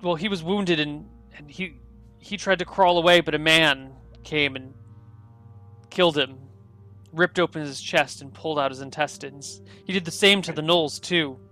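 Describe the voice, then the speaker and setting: Man doing a shaky, stammering farmer boy, high and loud, bright, soft music under it. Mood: frightened. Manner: stammering, pleading, rushed. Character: frightened young male farmer.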